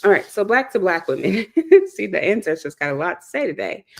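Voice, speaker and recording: A woman's voice: medium pitch, very animated, a little fast, gravelly. A woman from the South Side of Chicago, hosting and speaking in an impassioned monologue with an emphatic, preacher-like delivery that repeats key phrases. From South Side of Chicago, USA. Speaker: host and speaker.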